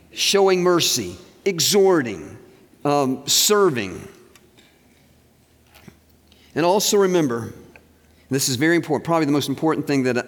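An older man, a university president, giving a chapel sermon with joking asides and earnest prayer in a large auditorium. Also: on the high side. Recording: reverberant hall.

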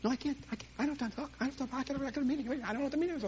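A man voicing an older immigrant man who gently scolds a busy friend, speaking slowly and earnestly, on a dull lo-fi recording with faint hiss. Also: very high-pitched, voice pushed up. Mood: flustered.

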